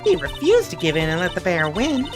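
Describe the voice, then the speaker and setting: Brief: woman as a fawning old lady fan, lively sing-song, music bed. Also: fairly low pitch, a little fast. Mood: gushing. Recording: game music playing behind.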